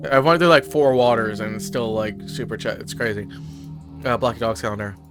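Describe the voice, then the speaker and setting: A man's voice: fairly low pitch, a little fast. A man who is under the weather, giving casual, chatty gameplay commentary and reading game text aloud. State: under the weather, chapped lips. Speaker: let's-play gamer. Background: music.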